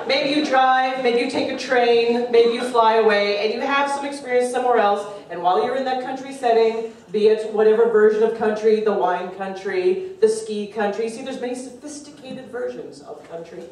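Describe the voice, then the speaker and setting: A woman comedian arguing a comic debate on stage, sarcastic and animated, swearing and mocking people in put-on voices. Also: on the high side, normal speed, a crowd in the background. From Canada. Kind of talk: stand-up comedy argument. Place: stage in a room with a live audience. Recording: echoey room recorded from a distance.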